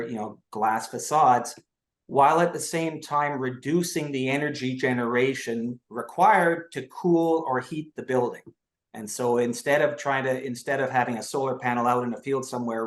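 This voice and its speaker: A man on an industry panel, explaining products in plain terms with some fillers. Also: mid-range voice. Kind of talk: explaining technology. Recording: echoey room.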